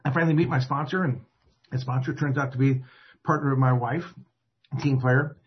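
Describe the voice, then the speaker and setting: A man's voice: mid-range voice, steady tone, fairly quick. A man telling his own recovery story in a rambling, self-deprecating way, acting out what others said. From Atlanta area. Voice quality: husky. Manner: self-deprecating, rambling, restarts and acted quotes. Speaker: recovery speaker. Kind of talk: personal recovery story told to a group. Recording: dull lo-fi recording.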